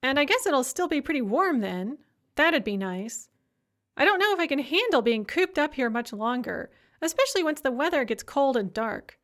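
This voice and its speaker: A woman's voice: sits high, sing-song, moderate pace, fairly bright tone, voice pushed up. A woman narrator voicing a supercilious, self-absorbed young woman activist who whines and talks down to others. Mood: complaining, superior. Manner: condescending, complaining.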